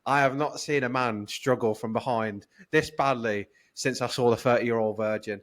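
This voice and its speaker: A British man with a mid-pitched voice, co-hosting a casual sports podcast. He jokes and teases his co-host and keeps coming back to his pet phrases. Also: fairly even intonation, moderate pace. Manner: joking, teasing, repeats catchphrases.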